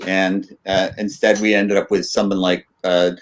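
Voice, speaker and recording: A man speaking earnestly and at a measured pace as a panelist in a casual political chat. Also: low voice, little pitch movement.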